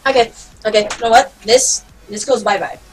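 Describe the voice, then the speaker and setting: A woman giving casual gameplay commentary as a channel host, excitable and self-mocking, with quick outbursts. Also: on the high side, faint music behind.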